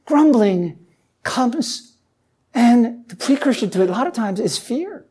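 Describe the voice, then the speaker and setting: A woman preaching a sermon who reads scripture aloud and asks the listeners questions. She climbs to emphatic peaks, then drops low and quiet. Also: sing-song, a little slow, slightly rough.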